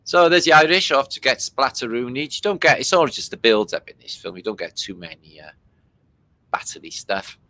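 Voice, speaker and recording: Casual host, male, from Britain; bright tone, loose delivery, swears a lot. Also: mid-range voice, sing-song, brisk, few pauses. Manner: loose and chatty, swearing freely, many fillers. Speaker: host commenting on archive war footage. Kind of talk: casual running commentary.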